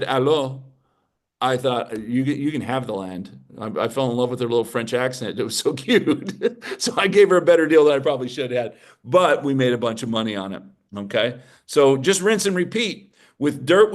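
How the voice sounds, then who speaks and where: A man giving an energetic, emphatic seminar presentation on real estate investing. He often asks the audience rhetorical questions. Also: mid-range voice, a little fast.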